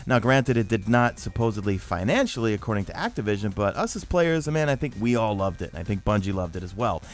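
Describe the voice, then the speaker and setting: Animated fast-talking man from New York. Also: on the low side. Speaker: YouTube gaming host. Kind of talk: casual Q&A chat.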